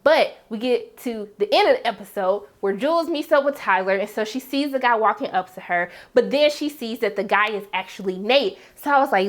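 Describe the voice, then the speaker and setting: A woman with a fairly high voice recaps a TV episode in a casual, slangy way. She tells the story with dramatic reactions and lively storytelling. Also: a little fast, hardly any pauses. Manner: slangy, conversational. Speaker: TV series reviewer.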